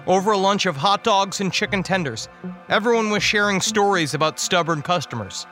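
Man, high voice, wry, dramatic story reading, music in the background. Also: lively intonation, fairly quick, sharp tone. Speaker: guest preacher. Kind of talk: dark comic story reading.

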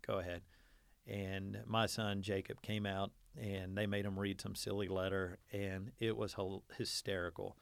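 Gravelly low-voiced man telling a story. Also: level tone, measured pace, no room sound. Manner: folksy, self-deprecating storyteller who acts out quotes. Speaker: teacher and interview guest. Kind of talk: storytelling in a casual interview.

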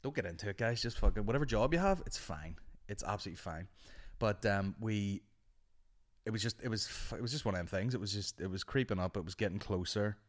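Sweary Northern Irish podcast host, lowish voice. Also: male voice, fast talker. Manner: sweary, rambling, animated anecdotes. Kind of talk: casual storytelling chat.

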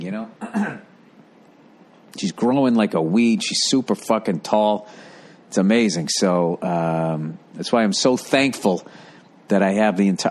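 A man's voice: low-pitched, a little mellow. Blunt, profane man hosting a podcast. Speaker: podcast host and stand-up comedian. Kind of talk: casual podcast monologue, reading listener mail.

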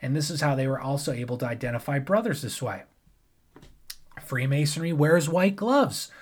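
A man's voice: mid-range voice, expressive, normal speed, husky. Rambling casual man explaining history. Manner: rambling, loose, with frequent restarts and asides. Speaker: history presenter.

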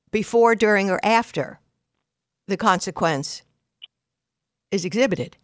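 A woman's voice: on the low side, no room sound. Blunt older woman radio host, dry studio sound. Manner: blunt, directive, lists numbered instructions. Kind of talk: call-in advice show.

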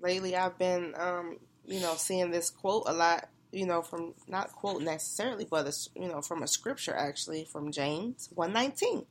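A woman's voice: on the low side, normal speed, few pauses. A woman co-hosting a casual chat, mostly backing up her partner and quoting scripture. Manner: supportive listener, quotes scripture. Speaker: podcast co-host.

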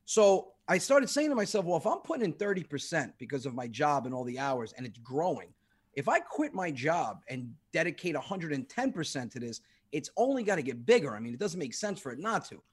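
New comedian guy, animated storytelling, laughs a lot, a bit higher voice. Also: a little fast, slightly rough. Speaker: comedian guest. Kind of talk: casual storytelling.

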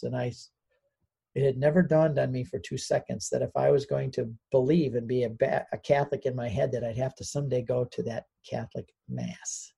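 Gravelly older man telling his story. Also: medium pitch, fairly quick, warm tone. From United States. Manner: earnest storyteller, gets choked up, voices quoted people. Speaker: interview guest, Catholic convert author.

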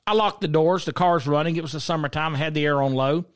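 A man's voice: on the high side, quick pace. A middle-aged man, from South Carolina, hosting a podcast and giving opinionated commentary in a conversational way, asking listeners questions and telling stories from his own life. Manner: conversational, asks listeners questions, storytelling asides. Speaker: podcast host.

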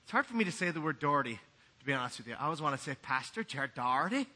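Bright-voiced joking man pastor. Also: on the high side, sing-song, racing. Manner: joking, conversational preaching. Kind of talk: sermon.

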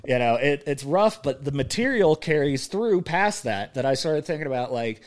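A man's voice: fairly high pitch, expressive, moderate pace. A young man co-hosting a podcast, rambling through casual chat, laughing often and acting out movie lines. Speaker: podcast co-host.

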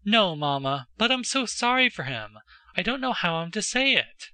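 An excitable, earnest teenage girl, put on by a man reading a storybook, breathless and pleading. Her voice sits high, bright and crisp, recorded dry and close with no room sound. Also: normal speed, no room sound, heavily acted.

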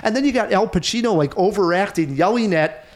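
A man hosting a casual film review podcast, animated and laughing often as he recounts scenes. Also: high voice, a little fast. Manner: animated, laughs often, mimics actors' voices. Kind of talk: casual movie review chat.

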